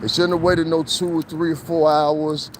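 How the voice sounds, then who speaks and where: A man vlogging outdoors on his phone by a fence, talking casually and profanely, getting animated as he rants. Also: moderate pace. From New Jersey, US. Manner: animated, profane, rising to heated pitch when worked up. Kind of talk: casual outdoor commentary vlog. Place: outdoors by a fence, near traffic. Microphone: handheld phone camera. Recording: outdoor phone recording with traffic noise.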